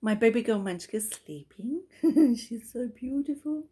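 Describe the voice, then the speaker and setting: A woman's voice: on the high side, expressive, takes it slowly, warm tone, slightly rough. A woman vlogger talking casually to camera, rambling and chatty, breaking into laughs often.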